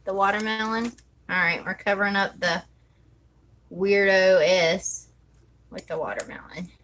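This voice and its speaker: A woman's voice: mid-range voice, steady tone, unhurried, fairly bright tone, low-quality recording. A woman chatting casually while she decorates her planner, thinking aloud and counting under her breath. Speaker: planner vlogger.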